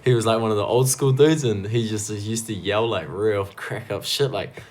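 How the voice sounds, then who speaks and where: A man's voice: fairly low pitch, moderate pace. A young man, a kickboxer guest chatting casually on a podcast, laughing often and swearing freely. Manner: laid-back, laughs often, swears a lot.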